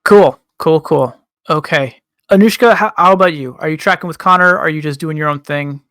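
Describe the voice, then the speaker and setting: A man narrating a tabletop game as game master in a relaxed way, pausing often. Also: a little high, no room sound, studio quality. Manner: relaxed, with frequent ums and pauses.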